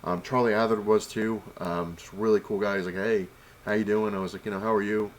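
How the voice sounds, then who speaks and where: Low-voiced man rambling through a story. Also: steady tone, fast, slight background noise. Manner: rambling, retells exchanges with "I was like"; annoyed complaining. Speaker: vlogger. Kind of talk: casual storytelling to camera.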